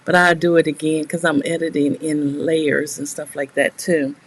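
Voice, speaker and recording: A woman's voice: deep voice, flat delivery, moderate pace, husky, rough recording. Chatty woman, laughing often. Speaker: writing streamer. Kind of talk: casual chat to live viewers. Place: bedroom at a small desk. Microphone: new desk mic, not yet working well.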